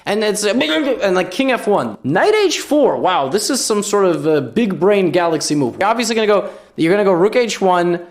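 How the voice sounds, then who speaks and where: A man's voice: sits high, sing-song, a little fast, hardly any pauses. A man giving comedic chess commentary, teasing and sarcastic, breaking into shrieks of disbelief at blunders. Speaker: chess commentator and channel host.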